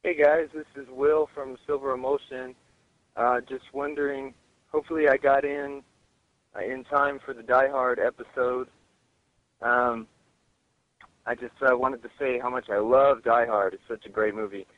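A man's voice: mid-range voice, level tone, moderate pace, no echo. A man calling in to a podcast, chatty and enthusiastic about a film he loves. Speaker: caller, movie reviewer. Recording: tinny phone line.

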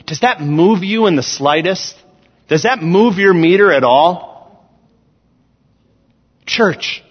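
A man's voice: fairly high pitch, breathy edge. A man preaching a sermon, earnest and emphatic as he reads scripture aloud. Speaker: student ministries director preaching. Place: church sanctuary. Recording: dull sound in a large reverberant church hall.

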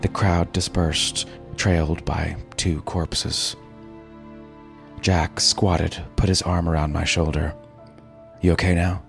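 Man narrating fiction, deliberate delivery, very low voice, music bed. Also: little pitch movement, vocal fry, a bit bright. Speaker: story narrator. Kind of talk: scripted first-person narration. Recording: music behind the voice.

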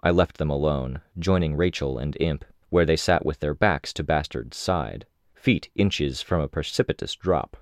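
A man reading a novel aloud in the first person, with measured, even storytelling. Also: rumbling low, no echo, studio quality. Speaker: audiobook narrator.

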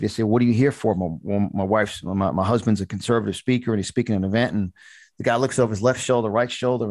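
A man hosting a talk show, telling a long story in an animated, preachy way, often restarting his sentences. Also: lowish voice, dry recording. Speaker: podcast host and conservative speaker. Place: studio.

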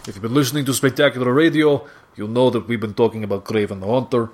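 A man's voice: medium pitch, quick pace. A podcast host talking on his own, retelling comic issues in a loose, casual way. His speech is full of "uh"s and restarts. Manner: casual, filler-heavy retelling. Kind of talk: solo recap reading comics aloud.

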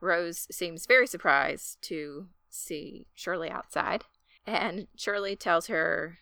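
A woman's voice: on the low side, takes it slowly, gravelly, no echo, studio quality. A woman co-hosting a casual chat, retelling film scenes with jokey asides. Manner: lively storyteller, jokey asides. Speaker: podcast co-host.

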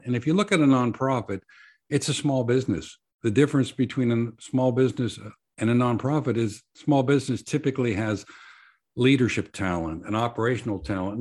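An earnest nonprofit founder, appearing as a guest, recounts his story at a steady, measured pace and acts out what people said to him. His voice sits at an ordinary middle pitch for a man, neither deep nor high.

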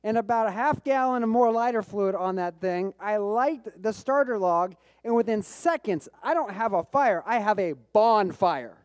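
Excitable storytelling preacher man. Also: sits high, normal speed, few pauses, dry recording. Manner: lively storyteller with bursts of excitement; repeats words when restarting phrases. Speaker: pastor. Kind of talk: sermon with personal storytelling.

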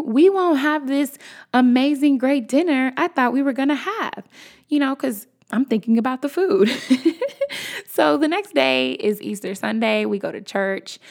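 A woman in her twenties, a podcast host, telling a personal story in a casual, animated way and talking straight to her listeners. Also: medium pitch, gravelly. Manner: animated, conversational, addresses listeners as y'all.

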